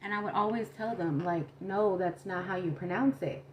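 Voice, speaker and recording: A young adult woman vlogger telling a story in casual chat, animated, acting out quotes and saying "like" a lot. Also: lowish voice, a little slow, a little hiss or hum. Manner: animated, acts out quotes, says "like" often.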